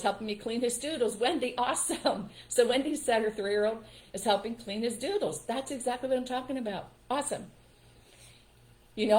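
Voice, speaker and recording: An older woman talks straight to parents on a live stream. Her voice sits at a middle pitch, and she speaks in an emphatic, instructive way, often acting out what a parent should say to a child. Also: darkish tone. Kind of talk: casual live-stream advice talk.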